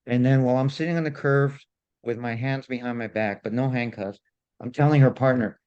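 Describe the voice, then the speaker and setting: A man casually telling a story on a podcast, animated and indignant, often repeating himself. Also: mid-range voice, moderate pace, highs cut off. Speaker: podcast co-host.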